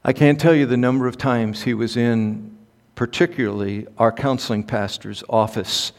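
A man preaching in a mid-pitched voice, chatty and halting as he tells personal stories. His delivery climbs to emphatic, raised peaks. The sound carries the long reverb of a big conference hall. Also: fairly even intonation. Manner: conversational, halting with ums, rising to emphatic peaks. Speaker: pastor.

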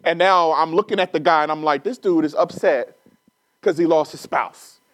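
A man's voice: fairly high pitch, moderate pace, fairly bright tone, dry recording. A middle-aged man preaching a sermon, telling a personal story casually and then building to emphatic, rising preaching.

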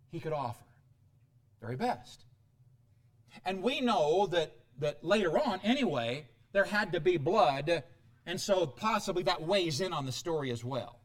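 Animated, high-voiced man preaching. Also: normal speed. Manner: animated preaching with sudden loud outbursts and quiet asides. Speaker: pastor. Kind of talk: sermon.

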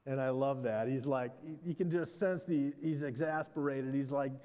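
A man's voice: medium pitch, moderate pace, dark tone, clean tone, long reverb tail. A man, a pastor, preaching a conversational sermon, animatedly acting out the exchanges of a story and adding self-deprecating asides.

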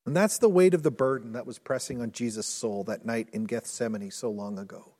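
A male pastor preaching a sermon in earnest, rising to intense storytelling and dropping low and soft. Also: a little fast. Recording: long hall reverb.

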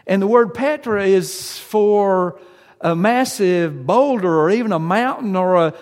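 A man's voice: high-pitched, animated, a little slow, a little mellow. Man preaching a sermon in a reverberant hall. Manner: hesitant with frequent uh fillers, rising to emphatic preaching. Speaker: pastor.

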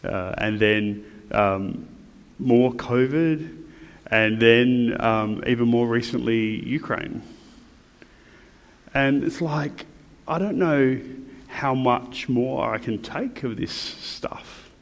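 A middle-aged man in church leadership, speaking reflectively and haltingly, with many pauses and restarts. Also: medium pitch, long reverb tail. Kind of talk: reflective personal talk.

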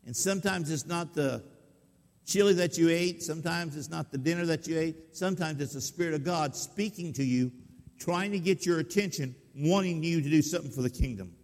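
A man's voice: on the high side, brisk, a little mellow. A male pastor telling a story in a sermon, folksy and conversational, often putting questions to his listeners. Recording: long reverb of a hall.

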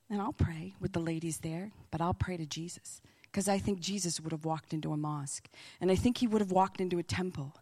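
Speaking at a medium pitch, a female missionary gives a sermon full of animated storytelling. Her delivery occasionally falls to a hushed whisper.

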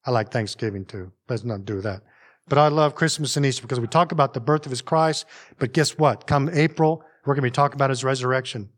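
A man's voice: mid-range voice, fast. Folksy man preaching a sermon. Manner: folksy, conversational preaching with asides to the congregation. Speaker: family pastor.

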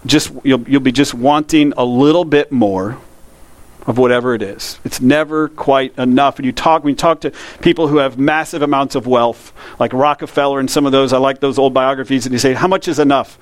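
A man, a pastor preaching a conversational sermon that slows down to read scripture. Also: mid-range voice, dry recording.

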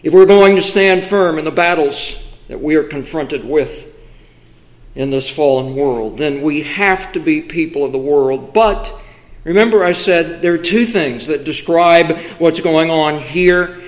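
A man preaching a sermon, with deliberate, emphatic delivery and measured pauses. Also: fairly high pitch. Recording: echoey room.

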